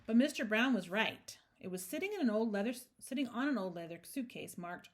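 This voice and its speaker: A woman reads a picture book aloud as host of a storytime, breaking off for chatty, playful asides. Her voice sits at a middle pitch but moves in a lively, sing-song way. The reading is relaxed and unpolished. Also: a little fast, few pauses.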